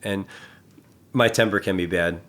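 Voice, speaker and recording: A man with a lowish voice chats casually on a podcast as a gym trainer. He is blunt and swears freely, and he acts out the people in his stories. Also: unhurried, fairly bright tone. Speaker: personal trainer and gym staff.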